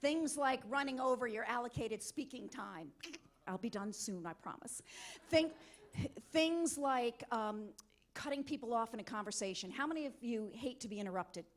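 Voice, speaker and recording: Woman, high voice, motivational speaker, lively, conference talk, middle-aged. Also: normal speed. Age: middle-aged or older. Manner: energetic, coaxing audience volunteers. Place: conference hall.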